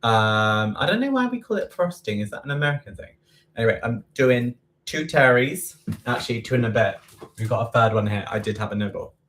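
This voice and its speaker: A man's voice: mid-range voice, expressive, brisk, fairly bright tone, recorded from a distance. A man chatting casually while baking in his home kitchen, rambling and correcting himself. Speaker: baking livestream host. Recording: roomy kitchen, away from mic, faint noise.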